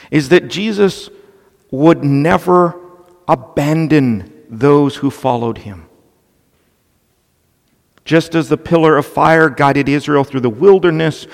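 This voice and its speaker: A man preaching an expository sermon, slow and deliberate, stressing key points with emphasis. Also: medium pitch, creaky. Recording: long reverb of a large hall.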